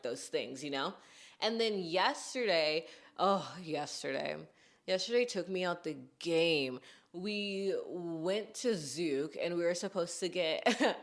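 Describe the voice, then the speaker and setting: A young woman from Texas hosting a podcast in casual chat, talking in a chatty way full of "like" and "you know what I mean.". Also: fairly low pitch. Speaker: podcast host.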